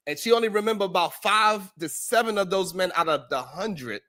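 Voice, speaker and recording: A fairly high-voiced man hosts a live talk show. He recaps the week with loud jokes and frequent laughter. He slips into mocking impressions of the people he talks about. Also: a little fast, hardly any pauses. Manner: animated, laughs often, drops into mocking quoted voices. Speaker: show host. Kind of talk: comedic recap of the week's shows.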